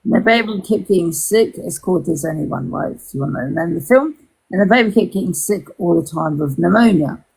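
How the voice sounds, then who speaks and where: A woman with a gravelly, raspy voice talks in a loose, rambling way. She swears freely and keeps restarting her sentences. It sounds like a casual livestream chat. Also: fairly low pitch, lively intonation, fast talker, a little mellow, rough recording.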